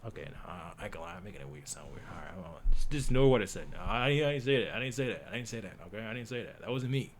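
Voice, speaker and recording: Streamer, male, lowish voice, reads aloud and jokes as he reacts, faint hiss on the recording. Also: expressive, very fast, hardly any pauses. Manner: joking, stumbles and repeats himself.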